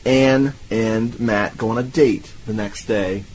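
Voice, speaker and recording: A man co-hosting a podcast, animated and profane, laughing as he recounts a film. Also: fairly low pitch, slow pace, slight background noise, low-quality recording. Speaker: podcast co-host. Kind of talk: casual film-review chat.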